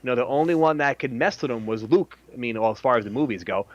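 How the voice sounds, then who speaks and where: A young adult man as a guest in casual chat, talking excitedly in slang and swearing freely. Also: medium pitch, fast talker, no echo, lo-fi sound.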